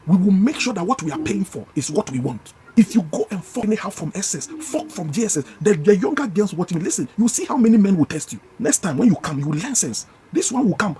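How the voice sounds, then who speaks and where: A man's voice: high-pitched, sing-song, quick pace, few pauses, warm tone. A man preaching with a Ghanaian English accent, scolding his congregation emphatically and repeating key phrases. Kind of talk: fiery sermon.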